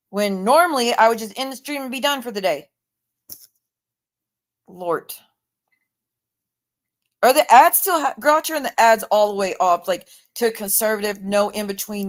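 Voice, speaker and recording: Blunt, sarcastic woman livestreamer. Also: medium pitch. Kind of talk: casual livestream chat.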